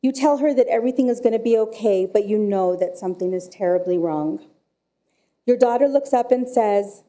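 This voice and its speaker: A woman, a director of forensic services, giving prepared public comment at a council meeting in a slow, measured storytelling delivery. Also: a little high, mellow.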